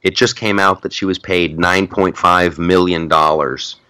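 Casting: middle-aged male podcast host, low and bright, dry close sound, rambling and restarting. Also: fairly even intonation, unhurried, smooth, no room sound. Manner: rambling, laughs a lot, many restarts. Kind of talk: casual chat.

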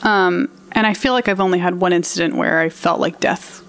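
A woman guest on a podcast, telling a personal story in an animated, expressive way. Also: lowish voice, a little fast. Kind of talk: conversational storytelling.

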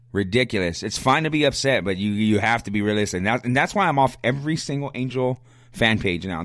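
A man in the middle pitch range talks fast and fired up on a fan podcast, blunt and repetitive, often stammering on restarts. The sound is close and dry, with no room around it. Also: no echo. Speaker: sports podcast host. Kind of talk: casual fan commentary, answering listener questions.

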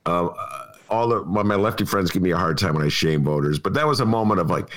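Chicago guy hosting a politics podcast, low voice, bounces around a lot, chatty. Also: fast. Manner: lively storytelling, laughing asides. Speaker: podcast host. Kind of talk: casual political interview.

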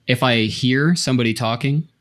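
A man's voice: medium pitch, moderate pace, a bit bright. A man co-hosting a podcast, explaining things at length in casual conversation with frequent restarts. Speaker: podcast co-host. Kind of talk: casual chat.

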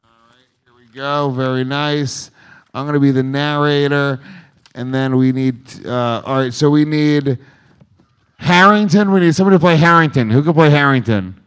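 A man's voice: on the high side, normal speed, clear, resonant tone. A man hosting a live podcast show on stage, emceeing with brash, crude jokes at the crowd.

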